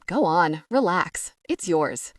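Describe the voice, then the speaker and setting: British woman doing a calm nurse, matter-of-fact, bright and lilting, dry close sound. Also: on the low side, slow pace, no room sound. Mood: breezy. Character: calm, unconcerned female hospital nurse.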